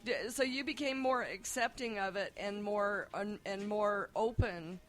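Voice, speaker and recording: A woman co-hosting a casual interview, asking questions in a friendly, drawn-out way. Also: medium pitch, a bit bright. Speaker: podcast co-host.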